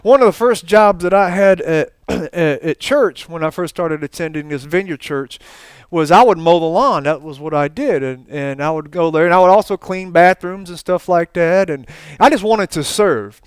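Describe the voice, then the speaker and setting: A man preaching in a folksy, storytelling way, with quick asides and chuckles. His voice sits high for a man and sounds smooth and clear. The sound is dry and close. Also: no echo. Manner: folksy, animated testimony with asides and laughter. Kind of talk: storytelling sermon.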